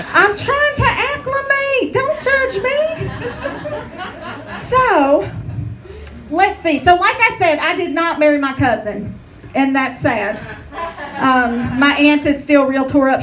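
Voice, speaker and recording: A woman's voice: sits high, slight background noise, poor audio. A woman in her thirties, performing a brash, profane stand-up comedy set with a chatty storytelling manner.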